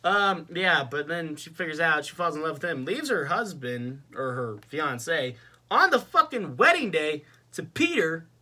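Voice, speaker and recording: A man's voice: on the high side, big pitch swings, measured pace, pushed and bright. A young man ranting casually and profanely in a movie review vlog, exasperated. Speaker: vlogger.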